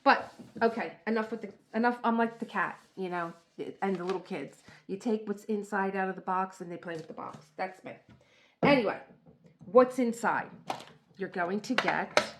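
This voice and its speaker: A woman's voice: medium pitch, normal speed, a bit bright, slight background noise. A middle-aged woman hosting a craft channel, chatting casually through an unboxing and laughing at herself as she talks to the viewer. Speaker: diamond painting channel host.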